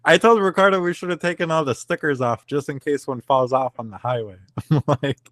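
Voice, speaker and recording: A man's voice: fairly high pitch, a little fast, fairly bright tone, no room sound. A man on a junk removal crew, chatting casually and laughing often while he tells what happened. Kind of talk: casual group chat.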